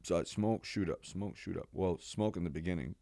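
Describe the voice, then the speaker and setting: Man, 40s, from New York, pastor, very low voice, animated slangy storytelling, podcast guest. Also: fairly quick, gravelly, no echo. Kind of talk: personal testimony in a podcast interview.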